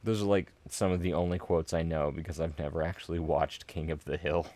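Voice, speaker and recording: A man's voice: a bass voice, fairly even intonation, brisk, warm tone, no echo. A man co-hosting a podcast, telling rambling stories in casual chat. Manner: rambling, storytelling. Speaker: podcast co-host.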